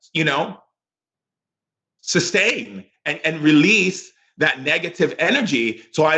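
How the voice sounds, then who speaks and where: Emphatic, bright-voiced male spiritual teacher. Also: on the high side. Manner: emphatic, repetitive, preacher-like delivery; emotional, effusive. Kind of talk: motivational spiritual talk.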